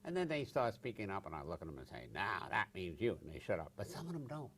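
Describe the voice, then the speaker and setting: A blunt older psychotherapist speaks in an interview, his low voice rising and falling a great deal. He is emphatic and unafraid of a curse word when he wants to make a point. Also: huge pitch swings, very fast, a little hiss or hum. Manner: blunt, emphatic, acts out angry outbursts with swearing. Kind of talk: interview answers.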